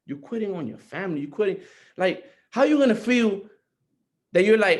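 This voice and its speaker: A man's voice: sits high, big pitch swings, moderate pace. Earnest man giving a pep talk. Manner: earnest, repetitive, rising to emphatic. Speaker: motivational speaker on a group call. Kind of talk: motivational talk.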